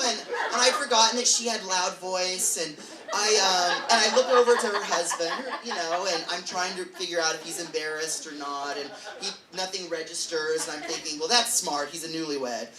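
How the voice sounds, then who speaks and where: A man's voice: sits high, normal speed, heavy background noise. A man telling a funny personal story on stage, chatty and self-mocking, with lots of fillers. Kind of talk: live comic storytelling. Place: bar with live audience. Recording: echoey bar recording from far off.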